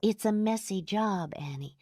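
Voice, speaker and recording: A woman's voice: medium pitch, a little slow, a little mellow, dry recording, clean studio sound, voice pushed up. A woman reading an audiobook, voicing a tired, kind young mother who speaks reasonably. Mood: weary.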